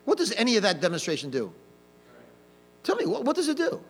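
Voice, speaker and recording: Pastor, hellfire sermon, mocking asides; high, animated voice, big hall reverb. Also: male voice, brisk, husky. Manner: swings from quiet to loud, mocking asides. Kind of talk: old-fashioned hellfire sermon.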